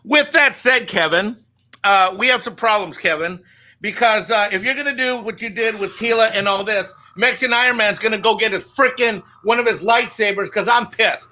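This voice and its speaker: Fired up guy ranting on a panel show, really high sharp voice, swears a lot, kinda tipsy. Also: normal speed. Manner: angry, swearing, repeats "you know what". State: a little tipsy from drinking. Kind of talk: heated fan rant on a live show.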